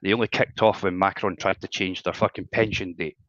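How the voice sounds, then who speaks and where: A man's voice: low-pitched, steady tone, fairly quick, fairly bright tone, no echo, dull audio. A man with a Scottish accent, playful and argumentative in casual chat. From Scotland.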